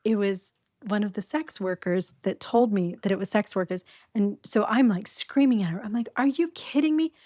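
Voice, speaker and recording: A middle-aged woman, a podcast guest, tells her story in an animated, quick way and laughs often. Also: mid-range voice, dry recording, studio quality. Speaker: guest, abuse survivor.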